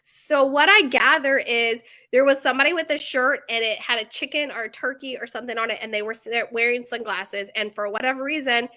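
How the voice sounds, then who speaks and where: Speaking casually to camera, a U.S. woman in her thirties talks up her bakery in a lively, chatty way, often straying off topic and leaning on filler words. Her pitch is high, her tone bright and crisp, and she talks a little fast with few pauses.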